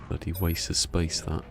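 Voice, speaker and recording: A man's voice: sits low, vocal fry. A man chatting casually while streaming a game, rambling through anecdotes with chuckles between them. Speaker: gaming streamer. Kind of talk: casual live-stream chat. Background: game music.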